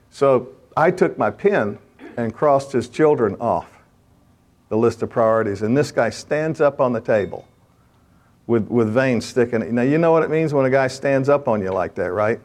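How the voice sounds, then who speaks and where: A man's voice: mid-range voice, darkish tone. Older male speaker for a men's faith talk. Conversational storyteller, emphatic and direct. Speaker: speaker addressing a men's gathering.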